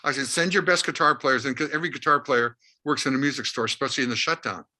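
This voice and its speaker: An older man from Canada, a rock musician interviewed as a guest, telling a long anecdote in a lively way and acting out the dialogue. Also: medium pitch, quick pace. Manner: lively anecdotal storyteller, acts out quoted dialogue. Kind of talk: animated storytelling.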